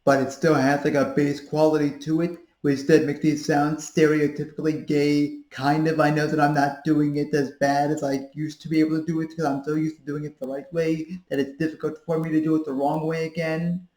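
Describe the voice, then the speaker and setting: A woman's voice: deep voice, little pitch movement, a little fast, hardly any pauses, dark tone. A woman in her thirties giving a casual voice-training tutorial, rambling with fillers as she demonstrates sounds. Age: 30s. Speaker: voice coach. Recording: echoey room.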